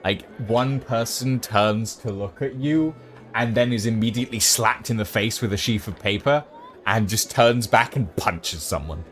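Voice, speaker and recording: A man running a tabletop game as game master, narrating scenes with many fillers and pauses. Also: fairly low pitch, a bit bright, soft background music.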